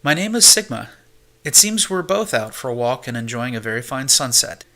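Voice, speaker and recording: Courteous old English gentleman, formal and pleasant, bright tone; read by a man. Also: mid-range voice, very animated, normal speed. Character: polite old English gentleman guide, male. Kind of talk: audiobook character reading.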